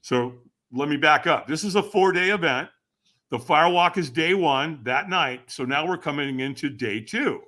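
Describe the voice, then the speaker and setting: A man who is a guest on a podcast, telling a story dramatically and acting out the voices and shouts of the people in it. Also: on the high side, expressive, moderate pace. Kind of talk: animated storytelling.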